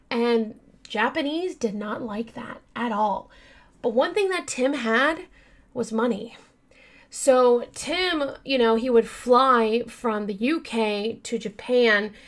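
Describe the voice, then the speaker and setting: A woman hosting a true-crime podcast, telling the story casually with many fillers and talking straight to her listeners, earnest and yawning now and then. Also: on the high side. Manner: chatty, many fillers, addresses listeners as you guys; earnest and upset by the case.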